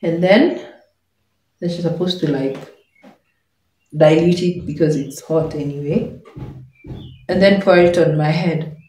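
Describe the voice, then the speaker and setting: A young woman vlogger telling a personal story in an animated way, laughing often as she goes. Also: low-pitched, a little slow, pauses often, far from the mic. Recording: echoey room.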